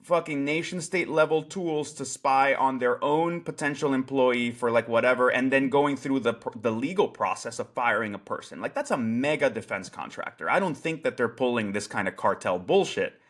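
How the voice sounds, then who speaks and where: Animated, cursing podcast co-host man. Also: mid-range voice, moderate pace, hardly any pauses. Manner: animated, profane, restarts a lot. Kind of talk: casual chat.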